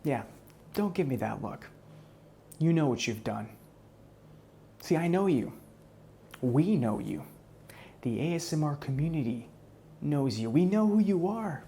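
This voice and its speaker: A man voicing a smug, menacing male hitman in a whispered role-play, taunting his captive in a soft, close voice. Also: fairly high pitch, big pitch swings, unhurried, creaky, long pauses, a little hiss or hum, exaggerated voice. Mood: menacing calm. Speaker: ASMR role-play performer.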